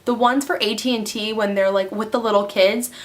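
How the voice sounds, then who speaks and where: A woman's voice: mid-range voice, fairly even intonation, fairly quick. A young woman chatting casually in a monthly favorites vlog, bubbly and rambling, with many "like" and "um" fillers. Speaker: beauty vlogger.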